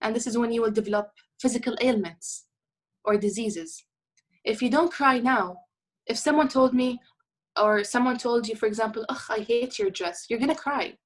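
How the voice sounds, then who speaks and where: A woman's voice: on the high side, normal speed, rough recording. A woman giving a talk on healing, speaking earnestly and mixing in Arabic words as she acts out small dialogues. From Arab world. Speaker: motivational speaker.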